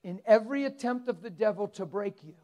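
Animated high-voiced male preacher. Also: a little fast. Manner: animated, swings from soft coaxing to loud exclaiming. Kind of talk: storytelling sermon.

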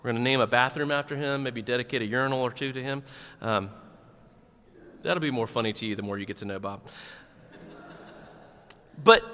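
Pastor guy preaching, bright voice, lots of hall reverb, chatty and jokey. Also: mid-range voice, brisk, pauses often. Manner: animated, conversational preaching with humor. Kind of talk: sermon.

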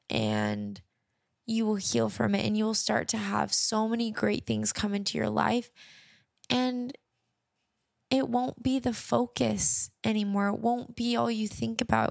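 Slow, earnest young woman podcaster. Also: on the high side, vocal fry, a little mellow, no room sound, clean studio sound. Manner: earnest, slow and reassuring, repeats phrases. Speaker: podcast host. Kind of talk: personal faith talk to listeners.

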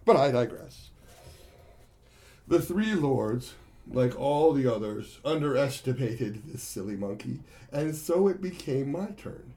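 A man's voice: medium pitch, expressive, measured pace, mellow. A man voicing a playful, boastful male monkey warrior who tells of his battles with glee to his friends. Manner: gleeful, boasting storyteller addressing friends.

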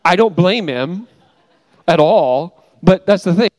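A man preaching a sermon with lively storytelling, acting out the lines he quotes, on a handheld microphone. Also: sits high, slow. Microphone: handheld mic, switched mid-talk. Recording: hall reverb from a live room.

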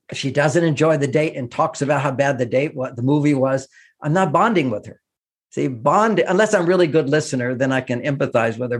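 A middle-aged man giving relationship advice, telling stories and acting out the voices of people he quotes. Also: medium pitch. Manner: animated, acts out quoted voices. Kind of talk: warm advice talk with stories.

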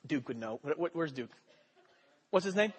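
A man's voice: a little high, expressive, normal speed. A young adult man preaching a sermon, telling joking stories in a rambling way full of fillers. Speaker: pastor.

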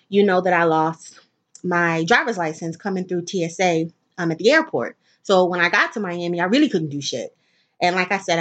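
A woman hosting her own podcast, chatting casually and tiredly, rambling and swearing as she tells stories. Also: fairly low pitch. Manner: profane, rambling, animated storytelling. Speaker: podcast host. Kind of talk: casual solo podcast chat.

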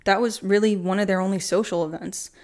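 A woman's voice: medium pitch, fairly even intonation, fairly quick, a little mellow. A young woman hosting a true crime podcast, reading updates and then chatting candidly and loosely. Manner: candid, chatty, swears casually. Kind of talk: casual podcast narration.

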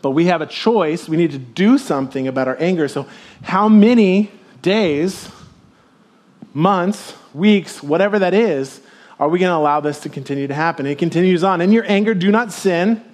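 Animated, joking man preaching a sermon. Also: moderate pace. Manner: conversational, jokey preaching with lively swings in loudness and pitch. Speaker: pastor.

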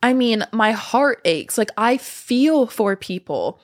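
A woman's voice: fairly high pitch, very animated, slow. A young adult woman chatting to camera, rambling and profane, out of breath and with a sore throat. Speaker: vlogger. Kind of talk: casual chat to camera.

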